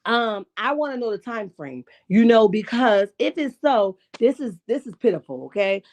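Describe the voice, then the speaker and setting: A woman hosting a reality-show recap, talking in a casual, sassy and profane way, her voice a bit raspy this morning. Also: on the high side, a little mellow. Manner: sassy, profane, rhetorical asides with "okay?" and "right?". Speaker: reality TV commentary host.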